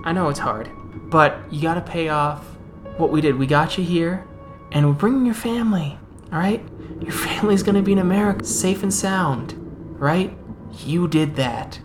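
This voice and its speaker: A storyteller voicing a smooth-talking male trafficker guard who wheedles and falsely reassures a prisoner, over background music. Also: fairly high pitch, normal speed, lightly acted. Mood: coaxing.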